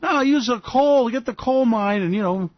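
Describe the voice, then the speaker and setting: A man's voice: very high voice, normal speed, no room sound, voice pushed up. A man doing a mocking impression of a dismissive, blustering politician. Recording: dull lo-fi dry recording.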